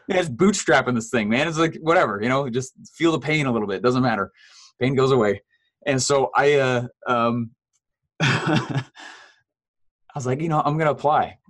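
A man in his thirties tells his own story as a guest in a relaxed interview. His voice sits at a middle pitch, and he laughs often and uses plenty of fillers. When he quotes people, he jumps way up in pitch.

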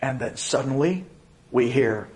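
A middle-aged man from New York telling a personal story to an audience of women in a dramatic, expressive way, acting out the dialogue. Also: measured pace. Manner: dramatic and expressive, jumps up in pitch for emphasis, acts out dialogue. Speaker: speaker addressing an audience of women.

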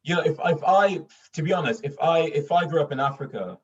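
A man from Sweden chatting casually in an animated way, often repeating himself and laughing through his stories. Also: on the high side, fairly quick. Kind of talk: casual conversation. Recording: distant, dull lo-fi mic.

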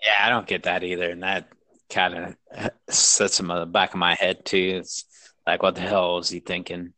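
A man's voice: sits low, flat delivery, normal speed, pushed and bright, no echo, rough recording. A man co-hosting a casual sports podcast, talking in an easygoing, agreeable way. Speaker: podcast co-host.

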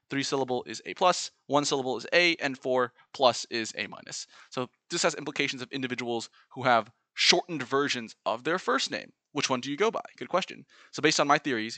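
A man's voice: mid-range voice, bright, forceful tone, no echo. A man giving an earnest, playfully analytical explanatory monologue, breaking into short sung examples. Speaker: video essayist.

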